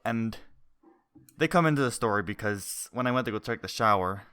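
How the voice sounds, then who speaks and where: A man's voice: lowish voice, expressive, fairly quick, bright, forceful tone, a little hiss or hum. A young man co-hosting a podcast, telling a rambling, laugh-filled story in casual chat and swearing freely. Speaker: podcast co-host.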